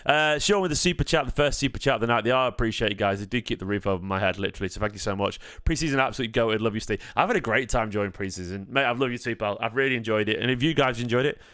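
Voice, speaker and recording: A man hosting a live football watchalong, chatty and jokey, quick to get excited. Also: mid-range voice, clean tone, no room sound, studio quality. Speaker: fan channel host.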